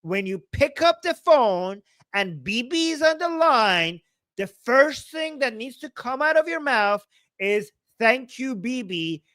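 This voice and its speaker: A man's voice: extremely high pitch, lively intonation, measured pace, pushed and bright, no echo. A man hosting a political livestream, ranting with emphatic repetition and swearing, reading out viewer super chats. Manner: ranting, emphatic, profane, repeats phrases for force. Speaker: livestream host. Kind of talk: heated political livestream talk.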